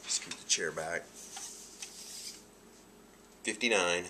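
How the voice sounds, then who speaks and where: Nasal low-voiced man. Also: extremely slow, pushed and bright, a little hiss or hum. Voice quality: nasal from allergies. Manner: chatty, upbeat, laughs often. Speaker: vlogger. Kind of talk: casual video diary.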